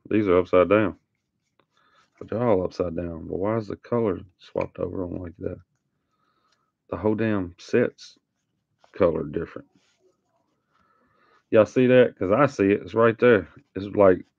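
A man's voice: low voice, vocal fry, no echo. A man hosting a live trading card break, chatting casually and teasing viewers with sing-song hype calls. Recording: dull lo-fi stream audio.

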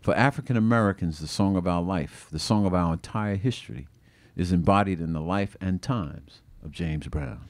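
A man, an author, reading aloud from his own book at a bookstore event, expressive and acting out the quoted voices. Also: low voice, moderate pace, dry recording.

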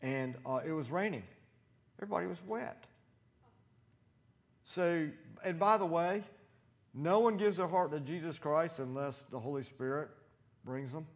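A man preaching a sermon in a church, animated and storytelling, acting out voices as he quotes people. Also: fairly high pitch, unhurried, pauses often. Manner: animated, acts out quotes with loud shouted voices.

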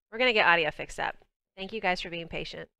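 A woman's voice: on the low side, vocal fry, pushed and bright, clean tone, dry recording. A young woman with a Southern US accent hosting a game livestream, chatting casually and bubbly with viewers as she plays. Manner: chatty, bubbly, talks to chat while playing. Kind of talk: casual game stream chat.

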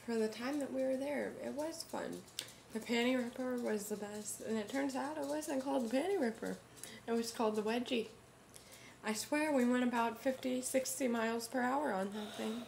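Brief: woman vlogger with a gravelly, fry-heavy voice, fairly high, chatting casually. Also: normal speed, darkish tone, slight background noise. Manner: chiming in, finishing her friend's sentences. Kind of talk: casual chat.

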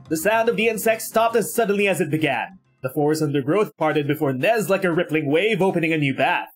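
A man who makes gaming videos, reading a game's text aloud with animated, exclamatory reactions. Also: a little high, a little fast, few pauses, faint music behind.

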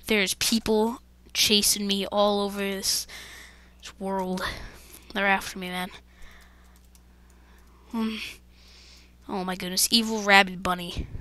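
Slow, bright-voiced woman gaming host. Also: mid-range voice, no room sound. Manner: jumpy, dramatic exclamations, talks to viewers. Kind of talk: let's-play game commentary.

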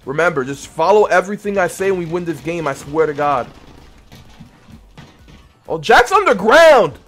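A man chatting playfully with teammates during an online shooter, teasing and swinging between loud excitement and low mumbling. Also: moderate pace, soft background music. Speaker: gamer streaming with random teammates. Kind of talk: casual game commentary to teammates.

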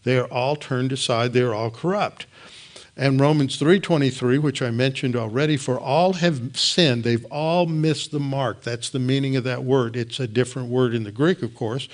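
An earnest man teaching a Bible lesson, leaning on repeated words to drive his points home. His voice sits at an ordinary middle pitch, and he often stops to restart a phrase. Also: normal speed.

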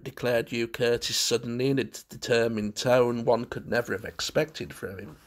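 A man reading a ghost story aloud as narrator in a measured, expressive way. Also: mid-range voice.

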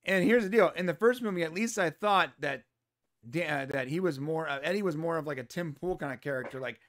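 A man's voice: fairly high pitch, fairly quick. A man co-hosting a casual movie review chat, talking animatedly and acting out what characters might say. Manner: animated, acts out characters' lines in quotes. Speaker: podcast co-host.

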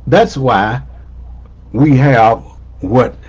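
A man's voice: medium pitch, very slow, darkish tone, husky, muffled recording. A man preaching a sermon as pastor, repeating his key lines with rising emphasis. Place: church sanctuary.

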